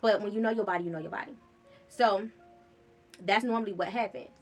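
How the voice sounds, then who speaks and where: A woman's voice: mid-range voice, fairly quick, soft background music. A woman vlogger telling a personal story in a candid, casual way, swearing freely.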